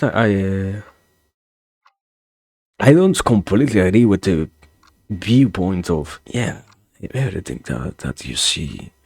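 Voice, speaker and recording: A man streaming, thinking aloud in a rambling, philosophical monologue, halting with many restarts and self-corrections, in a wry, musing way. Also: low voice, creaky, husky, no room sound. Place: home streaming setup.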